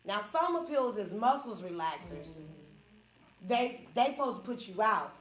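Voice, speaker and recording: Speaking a little slowly in a mid-range voice, this Northern California woman, a comedian and support group speaker, animatedly shares a candid story with a small group. She laughs a lot and impersonates others, with the mic distant in an echoey room and slight background noise.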